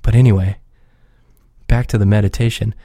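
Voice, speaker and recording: A man's voice: fairly low pitch, fairly even intonation, normal speed, warm tone, dry recording, clean studio sound. A man chatting casually on a podcast he is a regular of, rambling and swearing freely in a laid-back way.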